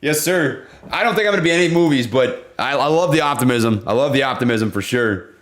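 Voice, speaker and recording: A man hosting a live stream about stocks, chatting casually and excitably with viewers and breaking down price charts. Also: medium pitch, fast. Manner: excitable, easygoing, laughs often, slangy. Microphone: desk condenser microphone.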